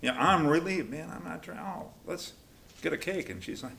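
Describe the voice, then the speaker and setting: Gravelly guy running a study class, chatty and animated, bit of background hiss. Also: on the high side, moderate pace. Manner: conversational, animated, acts out quotes. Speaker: class leader. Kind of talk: recovery study class, casual teaching.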